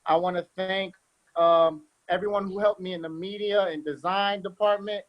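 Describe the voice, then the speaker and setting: A man's voice: high-pitched, fairly even intonation, normal speed, dull audio. A man on a church convention committee who laughs at his own mix-ups while giving thanks on a virtual panel. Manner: laughing, self-deprecating.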